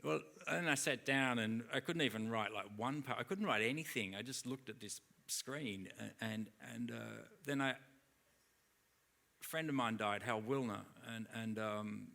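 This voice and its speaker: A man's voice: medium pitch, moderate pace, creaky, bright, forceful tone. A middle-aged man, a guest at a live on-stage interview, telling rambling anecdotes and acting out other people's lines. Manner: rambling anecdotes full of acted-out dialogue. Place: theatre stage at a live event.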